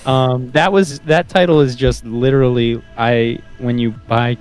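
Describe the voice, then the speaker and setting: A man's voice: mid-range voice, steady tone, measured pace, smooth. Casting note: man, musician guest, dry jokes, mid-range voice, faint music behind. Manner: wry, jokey. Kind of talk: casual chat.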